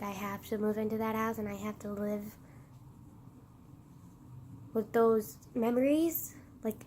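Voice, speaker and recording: A woman's voice: fairly high pitch, a little mellow, a little hiss or hum. A woman vlogger talking in an emotional confessional, teary and laughing through tears, rambling with constant fillers.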